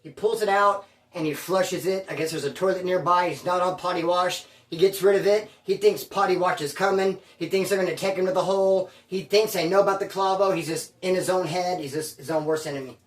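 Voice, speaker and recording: A man's voice: sits high, fairly even intonation, brisk, hardly any pauses. A man who served time, telling a prison story in casual street slang, swearing freely and acting out what people said. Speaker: former inmate storyteller. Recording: roomy echo, distant mic.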